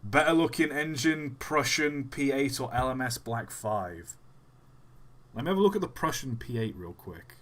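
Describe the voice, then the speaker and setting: A man's voice: mid-range voice, expressive, moderate pace, a bit bright. A young man giving casual, jokey live-stream commentary, chatty and often trailing off.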